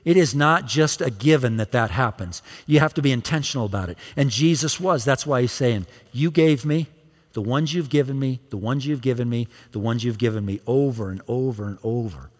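A man's voice: medium pitch, brisk, long reverb tail. A male pastor preaching a sermon, emphatic, repeating phrases for emphasis.

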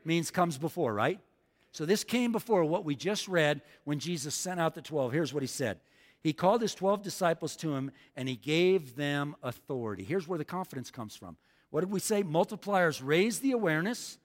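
Emphatic male preacher in a reverberant hall. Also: high voice. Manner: emphatic, repeats lines for the congregation. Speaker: pastor. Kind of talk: sermon.

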